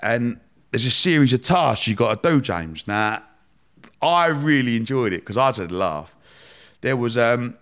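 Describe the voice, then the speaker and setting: A man's voice: mid-range voice, moderate pace. Laughing man telling stories. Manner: lively, laughing, swearing, rambling anecdotes. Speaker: podcast guest. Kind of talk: casual storytelling interview.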